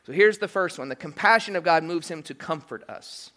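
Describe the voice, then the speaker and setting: Pastor guy preaching in church, kinda high voice, jokey, keeps asking "okay?". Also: fairly quick. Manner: animated, joking asides, rhetorical "okay?" and "right?". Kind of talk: sermon. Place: church sanctuary.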